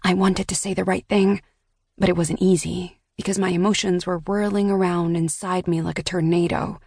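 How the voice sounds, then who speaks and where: A woman narrating a first-person audiobook in a measured, reflective way on a close studio mic. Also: on the low side, flat delivery, vocal fry, a little mellow, breathy edge, no echo.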